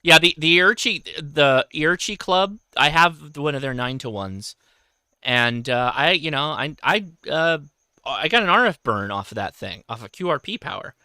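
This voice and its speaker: A man hosting a casual livestream, talking in a halting way and often correcting himself. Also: on the high side, expressive, bright, forceful tone, smooth, no echo, studio quality. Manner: halting, self-correcting, reads viewer questions aloud. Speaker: host.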